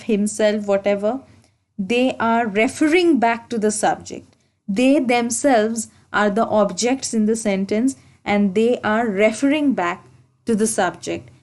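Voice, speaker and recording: A woman teaching an English grammar lesson for exam preparation, explaining slowly and deliberately, repeating key points and correcting herself as she goes. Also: medium pitch, a little mellow. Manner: slow, deliberate explaining with repetition and self-corrections.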